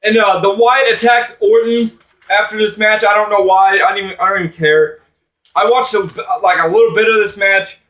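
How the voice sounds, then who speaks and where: A man's voice: high voice, fairly even intonation, fairly quick, a bit bright, roomy sound, distant mic. A man ranting angrily about wrestling, swearing often and rambling with restarts. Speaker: wrestling commentator vlogger. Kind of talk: angry profane rant.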